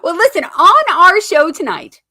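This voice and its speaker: A woman's voice: very high voice, huge pitch swings, measured pace, sharp tone. A woman hosting an online comedy talk show, joking playfully and teasing herself and her guest. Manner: playful, teasing, self-mocking. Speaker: host. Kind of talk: casual comedy banter.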